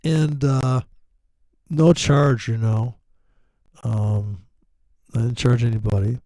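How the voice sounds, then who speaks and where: A man's voice: mid-range voice, fairly even intonation, slow pace, warm tone, no echo, low-quality recording. A middle-aged man telling rambling stories in casual talk, swearing freely, laughing often and acting out other people's lines. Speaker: forex trader telling stories. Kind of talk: casual storytelling.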